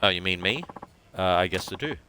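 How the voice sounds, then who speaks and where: A man reading aloud as a calm, reasonable, slightly tipsy man in a video game. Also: sits low, a little fast, a little hiss or hum. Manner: level, wry and reasonable.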